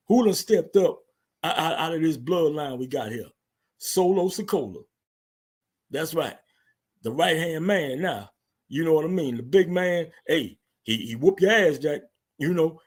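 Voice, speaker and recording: Animated slangy man with a husky voice. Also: fairly high pitch. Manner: animated, slangy, laughs often, retells quotes in character. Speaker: wrestling recap host. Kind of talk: casual storytelling recap.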